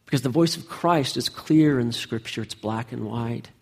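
A man's voice: medium pitch, moderate pace, a little mellow. A man preaching a sermon as pastor, with emphatic delivery that rises and falls.

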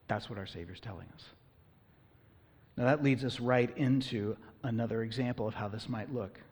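Husky male pastor in a reverberant hall. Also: mid-range voice, moderate pace. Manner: conversational, with bursts of loud emphasis. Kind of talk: sermon.

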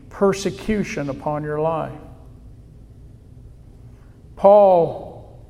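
A man preaching a sermon to a congregation, reading scripture in a slow, deliberate way with emphatic pauses. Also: high voice, darkish tone, in a large hall. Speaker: pastor.

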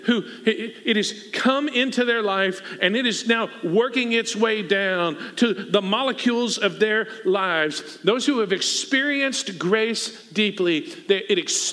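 A man preaching a sermon as pastor, animated and acting out the people in the story. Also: sits high. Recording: echoey hall.

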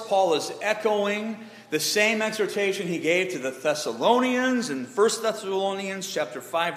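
Emphatic high-voiced man preaching. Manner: emphatic, asks the congregation questions. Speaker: pastor. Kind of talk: sermon. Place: church sanctuary. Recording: echoey hall reverb.

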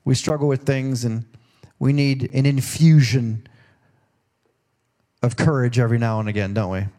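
A man's voice: medium pitch, steady tone, moderate pace, dark tone. A middle-aged man preaching a sermon in a folksy, conversational way, often restarting his sentences. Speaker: pastor.

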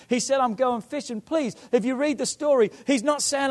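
A pastor preaching a sermon, retelling a story with dramatic swings between loud calls and hushed lines. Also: male voice, very high-pitched, sing-song, normal speed, few pauses.

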